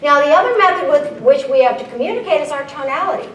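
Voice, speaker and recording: A woman's voice: high voice, lively intonation, fast, recorded from a distance. A woman keynote speaker presenting live to an audience, playful and often asking the room questions. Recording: echoey room, voice a little off-mic.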